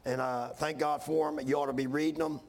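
A man's voice: on the high side, little pitch movement, brisk, a little mellow. A man preaching a sermon in a folksy style, building to fervent intensity.

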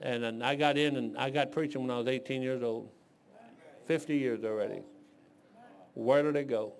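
A man's voice: medium pitch, steady tone, moderate pace. A man in his sixties from Detroit, preaching a folksy sermon full of rambling, joking stories. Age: 60s.

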